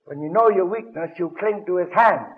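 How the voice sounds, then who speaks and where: An older man preaching a sermon on a radio broadcast, telling stories dramatically with sudden loud bursts, on a dull lo-fi old recording. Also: high-pitched, brisk. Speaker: evangelist preacher.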